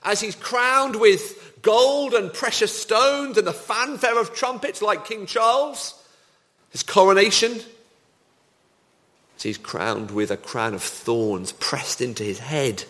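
A man preaching a sermon, his voice fairly high for a man and swinging widely in pitch. He leans hard on key words and throws rhetorical questions at the congregation. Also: a bit bright. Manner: dramatic, varied emphasis, rhetorical questions.

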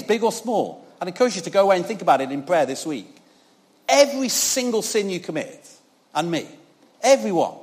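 A man delivers a sermon in a church service with a high, very lively voice that leaps around in pitch. He chats with the congregation through frequent tag questions and swings between loud emphasis and near-quiet moments. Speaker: preacher.

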